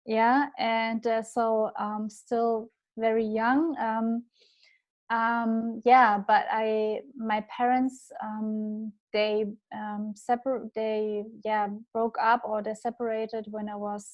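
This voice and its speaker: Slow, halting German-accented woman. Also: a little high, level tone, dull audio. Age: 30s. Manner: halting, laughs often. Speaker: podcast guest. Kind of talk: casual interview chat.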